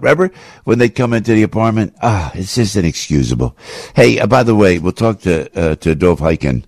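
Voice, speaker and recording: A male radio show host delivering an impassioned, ranting commentary monologue, full of rapid restarts, into a studio microphone. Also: on the low side, sing-song, darkish tone, slightly rough, no echo.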